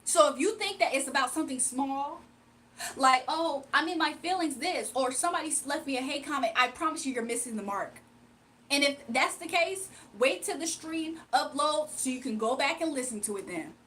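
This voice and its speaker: A young woman hosts a livestream in a heated rant, hammering home her points over and over and speaking directly to her chat. Her voice sits high with lively intonation, moving fairly quickly and sounding a bit bright. There's slight background noise.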